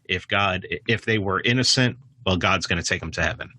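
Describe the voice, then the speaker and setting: Bright-voiced man, rambling and animated. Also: brisk, no room sound. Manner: rambling, with frequent restarts and filler phrases; animated, with sudden jumps in pitch. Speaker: podcast guest. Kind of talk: casual conversation.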